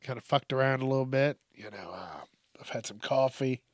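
A medium-pitched, fairly quick male voice comes through in clean studio quality with no echo. Hosting his own podcast late at night, the tired man rambles, swears, drifts off mid-thought, and restarts.

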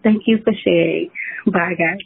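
A woman's voice: lowish voice, steady tone, normal speed, creaky, slightly rough. A woman caller leaving a voicemail, telling a rambling story while crying. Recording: tinny phone voicemail.

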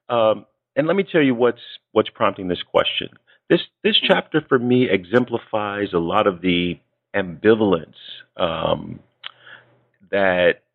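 Hesitant low-voiced male radio interviewer. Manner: hesitant, repeats words. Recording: tinny phone-line radio audio.

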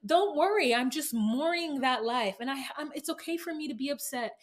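A woman's voice: high voice, animated, normal speed, voice pushed up. A woman voicing an aggrieved wife who defensively justifies mourning her old, freer life.

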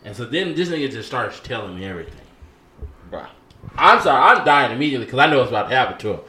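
A man retelling events in casual chat, quick and lively, quoting what was said. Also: mid-range voice, reverberant. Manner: fast, lively retelling with quoted dialogue.

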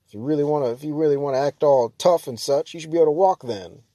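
A young man in a casual vlog rant, talking fast and loose with lots of fillers and restarts. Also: fairly high pitch, dry recording. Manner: ranting, exasperated, jumps to loud mock shouts.

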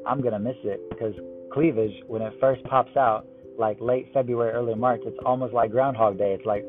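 A man reading a run of one-liner jokes in a deadpan way. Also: mid-range voice, moderate pace. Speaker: joke teller. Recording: tinny phone-like line with music behind. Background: music.

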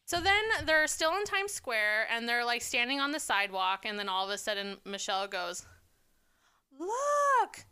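A chatty woman co-hosts a casual podcast, her voice high and bright with a smooth, crisp clarity. She laughs easily and wanders off on tangents. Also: fairly quick, hardly any pauses. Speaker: podcast co-host. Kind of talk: casual chat.

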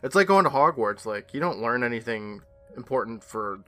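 A man with a bright voice that swings up and down chats casually on a podcast, animated and teasing. Faint music sits behind him. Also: medium pitch, normal speed. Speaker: podcast co-host. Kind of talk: casual chat.

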